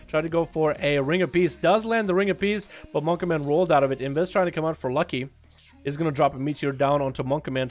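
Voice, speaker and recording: A man giving live play-by-play commentary on a game match, with sudden excited bursts. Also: a little high. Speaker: esports caster.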